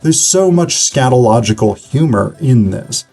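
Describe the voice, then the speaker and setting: A man's voice: medium pitch, expressive, measured pace, warm tone, soft background music. A man giving a casual online literature lecture, talking conversationally with frequent fillers and restarts.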